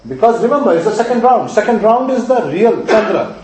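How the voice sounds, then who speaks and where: The speaker is a male astrology instructor whose high, slightly mellow voice moves briskly with lively intonation. Emphatic by nature, he goes over key points again and again and checks his students with questions. The room echoes heavily and the mic is distant.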